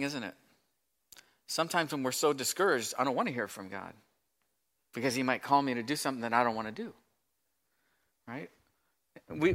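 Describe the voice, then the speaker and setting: A man pastor preaching a sermon, moving between loud pleading lines and soft hushed passages as he acts out Bible voices. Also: mid-range voice.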